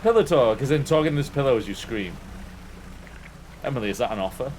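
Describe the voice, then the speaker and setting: Animated man streaming a game. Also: medium pitch, quick pace, a little hiss or hum. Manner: playful, chatty, swears freely. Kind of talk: casual gaming stream chat.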